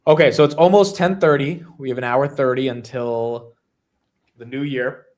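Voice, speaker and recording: A man co-hosting a relaxed live stream in an everyday mid-range voice. He jokes around with his friends and often lets his sentences trail off softly. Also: medium pitch, normal speed. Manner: joking, often trailing off quietly. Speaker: stream co-host. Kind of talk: casual chat.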